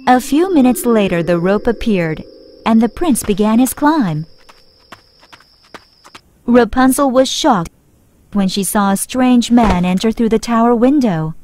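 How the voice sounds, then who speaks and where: Woman, storybook narrator, clear, expressive, measured, scripted children's fairy tale. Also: a little high, slight background noise.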